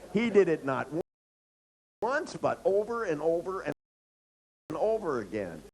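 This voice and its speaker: A man's voice: fairly high pitch, big pitch swings, slow pace, long pauses, background noise. A man performing a profane, ranting stand-up comedy monologue.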